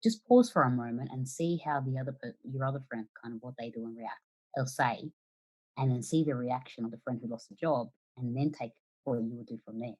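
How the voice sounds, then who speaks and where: A woman guest on a podcast giving casual conversational advice, animated and acting out quoted reactions, swearing now and then. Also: very deep voice, fairly quick, slightly rough, poor audio.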